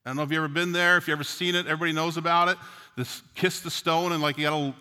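A man's voice: fairly high pitch, fairly even intonation, very fast, sharp tone, clean tone. A middle-aged male pastor from Newfoundland preaching a sermon, earnest and mixing in personal stories. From Newfoundland, Canada. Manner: earnest preaching, storytelling asides. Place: church sanctuary. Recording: long hall reverb.

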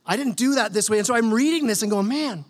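A man's voice: high-pitched, fast talker, long reverb tail. A male pastor preaching a sermon in an earnest, conversational way, often restarting his words. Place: church sanctuary.

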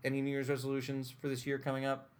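A man's voice: medium pitch, completely flat delivery, rapid-fire. A young man hosting a casual podcast chat, quizzing his guests and laughing often. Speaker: podcast host.

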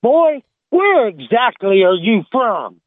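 A man on a phone line voicing a gruff, suspicious game warden who keeps calling people boy. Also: fairly high pitch, very animated, unhurried, dry recording. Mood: stern. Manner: drawling, bossy, calls everyone boy.

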